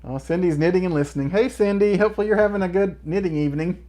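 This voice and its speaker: A man's voice: high-pitched, racing, warm tone. A middle-aged man hosting a livestream, chatting casually and laughing often as he reads viewer comments. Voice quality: laughs often between remarks. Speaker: livestream host.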